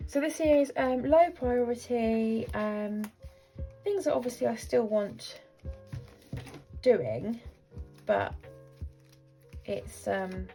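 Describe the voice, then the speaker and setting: Chatty woman with a gravelly edge. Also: a little high, expressive, takes it slowly, pauses often, mellow, soft background music. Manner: rambling, chatty, self-deprecating. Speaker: budgeting vlogger. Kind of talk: casual chat to camera.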